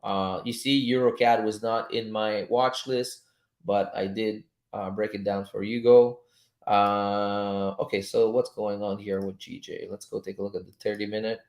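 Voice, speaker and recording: A man's voice: fairly low pitch, little pitch movement, normal speed, a little mellow. Chatty male trading coach, roomy sound. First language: French. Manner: loose and chatty, swears casually, chuckles often. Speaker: trading coach streaming live. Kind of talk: casual live-stream chat while reading charts. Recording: roomy echo.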